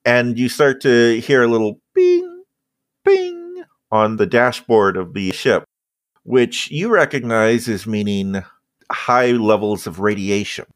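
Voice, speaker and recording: Man running a tabletop game as game master, narrating in a laid-back way. His slow, unhurried delivery has a lively pitch. The recording sounds dry. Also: no room sound.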